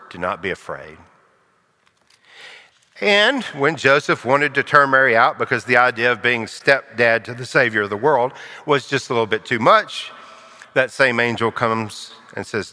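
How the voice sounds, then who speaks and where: An older man preaching a sermon, acting out quoted voices and sinking to a hush for solemn lines. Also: medium pitch, in a large hall.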